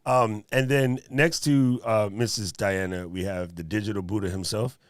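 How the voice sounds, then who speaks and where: A man's voice: on the low side, fairly even intonation, moderate pace, no room sound. Man hosting a live stream, joking, dry recording. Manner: joking, playful banter with chat. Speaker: livestream host. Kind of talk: casual livestream chat.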